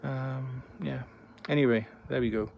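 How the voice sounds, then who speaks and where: A man's voice: mid-range voice, steady tone, a little slow, creaky, a little mellow. A man in his sixties chatting casually to camera as a vlogger, rambling and self-deprecating. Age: 60s.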